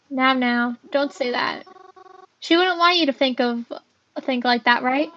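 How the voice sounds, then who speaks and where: High-voiced girl reading a game aloud. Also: measured pace, bright, forceful tone, muffled recording. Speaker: video game player. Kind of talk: reading a visual novel aloud.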